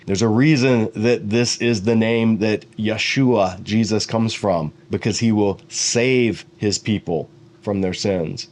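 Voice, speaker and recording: A middle-aged man teaching Bible commentary, explaining Hebrew words and reading translations aloud with quick asides. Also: lowish voice, darkish tone.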